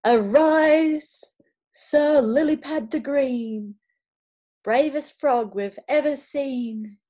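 A woman's voice: high-pitched, extremely slow, warm tone, voice pushed up. Woman reading as a bold cheerful princess.

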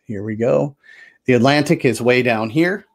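A man's voice: mid-range voice, moderate pace. Chatty man explaining board game rules. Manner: chatty and loose, lots of fillers and self-corrections. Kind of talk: casual rules walkthrough.

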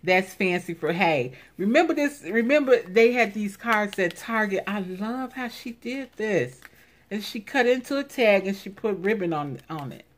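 A woman's voice: mid-range voice, expressive, moderate pace. A woman vlogger chatting casually while opening craft mail, gushing and exclaiming over each piece. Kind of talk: casual unboxing chat.

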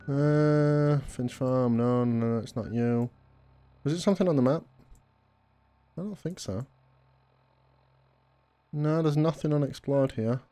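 A man chatting his way through a video game, easygoing and full of fillers. His voice is mellow and relaxed at a middle pitch. Faint music sits behind. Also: unhurried, pauses often. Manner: rambling, easygoing, many fillers. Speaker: gaming video host. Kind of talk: casual let's play commentary.

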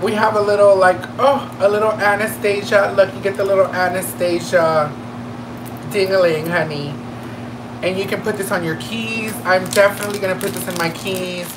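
A woman beauty vlogger talks through a makeup unboxing in a campy, excitable way, full of gasps, squeals and slangy asides. Her voice sits at an ordinary pitch for a woman. The home recording carries a clear layer of background noise. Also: normal speed. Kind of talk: casual makeup unboxing chat.

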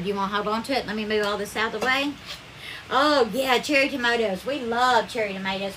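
Southern lady doing a live cooking stream, high bright voice, sweet and chatty, calls everyone darling, bit of kitchen noise. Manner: effusive, calls viewers darling, thanks them by name. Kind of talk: casual live-stream chat and cooking demo.

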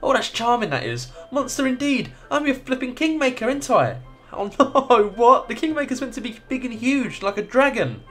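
A man's voice: extremely high pitch, sing-song, moderate pace, a bit bright, soft background music, voice pushed up, exaggerated voice. A man reading a chatty, touchy little male creature's lines aloud in a raised, chirpy, sarcastic voice. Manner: chirpy, sarcastic, mock-hurt.

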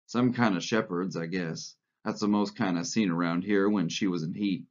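A man reading the part of a calm, dignified male mule driver who speaks matter-of-factly. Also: deep voice, moderate pace, close to an everyday voice. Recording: lo-fi recording.

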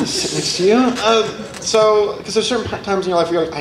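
A man's voice: sits high, normal speed. A young man telling a story at a convention podcast panel, acting out the people in it. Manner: animated, acts out the people in his story. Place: convention panel room with a live audience. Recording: echoey hall with audience noise.

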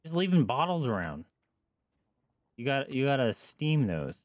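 A male streamer commenting live on his gameplay, full of joking asides. His pitch jumps lively up and down as he reacts. The sound is close and dry, from a desk mic. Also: a little slow, no echo.

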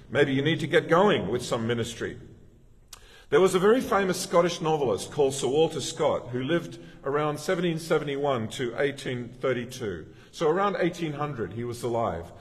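A middle-aged pastor preaches in a fairly high, expressive voice at a normal pace, weaving anecdotes into a conversational sermon. He often breaks off and restarts sentences, and his words ring out in the long reverb of a church hall.

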